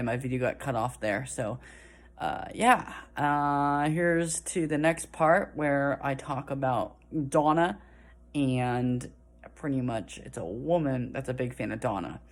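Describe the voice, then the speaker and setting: A woman's voice: a bass voice, slow pace. A woman doing meandering amateur stand-up, full of fillers and self-conscious asides. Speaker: amateur comedian. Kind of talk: rambling stand-up. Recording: echoey room from a distant mic.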